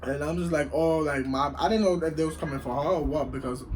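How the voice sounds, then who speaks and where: Animated young man telling a story. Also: fairly high pitch, fast, slight background noise. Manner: animated, acts out voices in quotes. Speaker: vlogger. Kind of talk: casual storytelling while eating.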